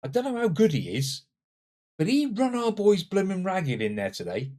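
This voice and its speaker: A man commenting on his own football management game, swinging between loud exclamations and muttered asides. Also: sits high, big pitch swings, normal speed. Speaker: gaming channel host. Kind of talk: let's-play commentary.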